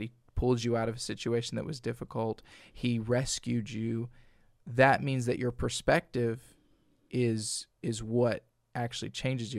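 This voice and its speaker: A man's voice: medium pitch, gravelly, no echo, clean studio sound. A man co-hosting a devotional show, reading a Bible passage aloud and then explaining it in an earnest, teaching way. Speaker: co-host of a lunchtime devotional show. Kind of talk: casual devotional chat and scripture reading.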